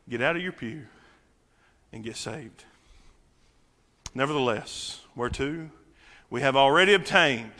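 Preacher in a reverberant church. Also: male voice, on the high side. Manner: swings from shouting to quiet, intimate near-whisper. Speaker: pastor. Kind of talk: sermon. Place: church sanctuary.

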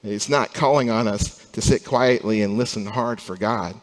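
A man's voice: on the low side, moderate pace. Man preaching in a reverberant hall. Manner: preaching with swells from quiet to loud emphasis. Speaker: pastor. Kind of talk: sermon.

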